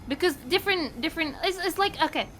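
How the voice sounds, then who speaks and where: Bright, high-pitched British woman streamer. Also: slight background noise. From Britain. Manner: excitable, exclamatory, quick asides. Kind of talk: casual chat while gaming.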